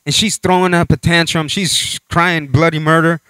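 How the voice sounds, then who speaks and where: A man preaching a sermon with animated storytelling, acting out voices and scenes as he talks. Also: a little high, moderate pace, clean tone, no room sound.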